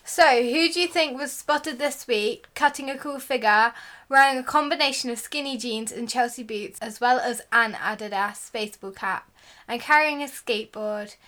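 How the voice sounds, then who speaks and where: A woman's voice: on the high side, moderate pace, a bit bright. A woman co-hosting a podcast in casual chat, answering listeners with playful, sarcastic teasing. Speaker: podcast co-host.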